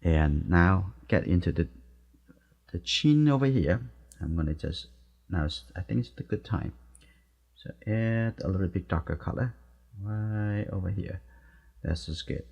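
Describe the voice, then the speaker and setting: Low gravelly man teaching watercolor. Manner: soft-spoken, encouraging, talks while painting in short phrases. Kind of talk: live painting demonstration. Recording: dull, muffled recording.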